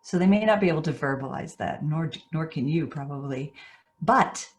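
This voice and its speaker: A woman's voice: low voice, animated, moderate pace. A middle-aged woman, a therapist, training educators in an earnest teaching manner. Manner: earnest, teaching, acts out quoted voices. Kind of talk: training talk.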